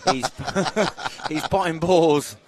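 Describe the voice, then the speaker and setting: A man calling a pool match live, full of jokes and easy banter with his co-host. His voice sits a little high for a man. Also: very slow, background noise. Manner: jokey, punning banter. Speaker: pool commentator. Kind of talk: live sports commentary.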